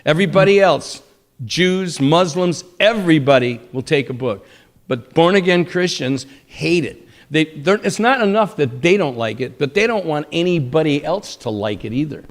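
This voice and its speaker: An older man speaks in an informal sermon, moving quickly from one anecdote to the next. His voice sits a little high for a man, and he slips into the voices of the people in his stories. It is conversational preaching rather than a formal address. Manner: animated storytelling, acts out quoted people. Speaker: speaker at a temple class.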